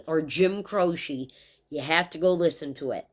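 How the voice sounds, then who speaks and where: Middle-aged woman with a low voice, tarot reader, rambling and heartfelt vlog delivery. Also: unhurried. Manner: rambling, heartfelt, talks straight to viewers. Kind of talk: casual tarot reading vlog.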